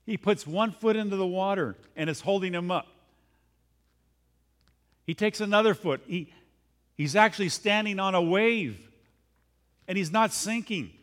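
A man's voice: high-pitched, unhurried, pauses often, a bit bright. A male pastor preaching a sermon, reading scripture and acting out the scenes with a rising voice.

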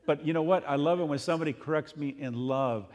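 A man preaching a sermon in a conversational, animated way, with sudden jumps in loudness and pitch. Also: fast. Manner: conversational, animated, acts out quotes in other voices.

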